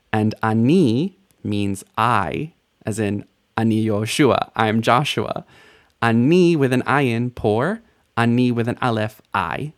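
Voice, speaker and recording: A man teaching a Hebrew lesson, patiently sounding out letters and vowels one by one in a playful, lightly joking way. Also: on the low side. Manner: patient, playful teacher, spells out sounds slowly and repeats words. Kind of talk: recorded language lesson.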